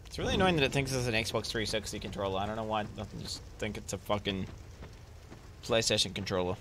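A man streaming a video game with casual commentary, excitable and sarcastic, swearing a lot. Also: lowish voice, fast talker, noisy background.

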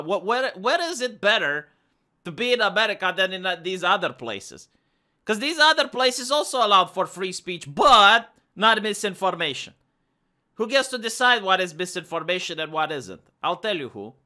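Romanian guy ranting on his stream, high lively voice, sharp and bright, keeps restarting words. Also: moderate pace. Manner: animated, argumentative, repeats words when restarting. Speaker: live streamer. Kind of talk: casual opinion monologue.

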